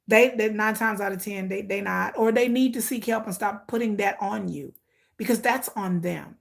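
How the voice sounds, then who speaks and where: A woman's voice: mid-range voice, moderate pace, creaky. A woman, talking casually to viewers, telling stories and acting out quotes. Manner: animated storytelling, acts out quotes. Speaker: commentary vlogger.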